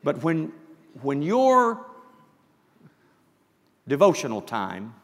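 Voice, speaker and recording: Gravelly, lively-voiced preacher man. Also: a little high, extremely slow, big-room sound. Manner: emphatic, swings from hushed asides to shouting. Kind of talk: sermon.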